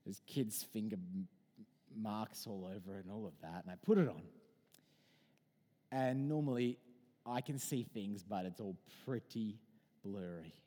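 A man in his thirties preaching a sermon in a conversational, animated way, mixing in personal stories. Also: fairly low pitch, unhurried, pauses often, husky, long reverb tail. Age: 30s.

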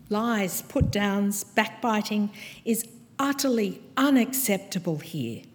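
A woman preaching a sermon to her church, with a measured, earnest delivery and pointed pauses. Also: mid-range voice, a little mellow. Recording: long hall reverb from a church.

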